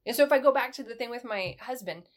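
Middle-aged woman, ex-military guest, lively conversational storyteller. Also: fairly high pitch, fast talker. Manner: animated storyteller, acts out dialogue in a brighter voice. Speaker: guest, former military first sergeant. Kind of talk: conversational advice in an interview.

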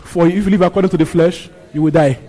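A man with a high-pitched, dark voice teaches on a Bible passage, preaching fast with fairly even intonation. He repeats his phrases and poses questions to the congregation, and the recording quality is low.

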